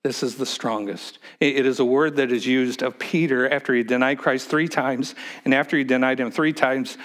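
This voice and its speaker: A male pastor delivers a sermon with an emphatic, dynamic style. His voice sits at a middling pitch, rising and pressing hard on key points, then dropping low and nearly to a whisper for effect. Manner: emphatic preaching, swinging from loud to hushed.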